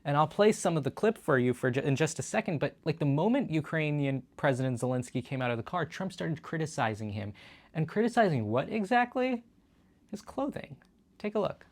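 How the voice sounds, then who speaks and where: A man's voice: on the high side, lively intonation, fast talker, hardly any pauses. A man hosting his own show, giving casual political news commentary in a conversational way with frequent fillers and restarts. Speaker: show host.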